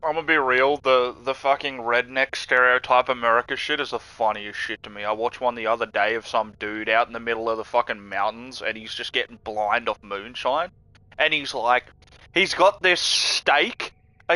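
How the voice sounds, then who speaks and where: A man's voice: medium pitch, steady tone, moderate pace, sharp tone, no room sound, rough recording. An Australian man streaming a game, chatting casually, laid-back and swearing a lot. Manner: laid-back, profane, laughs often. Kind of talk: casual chat.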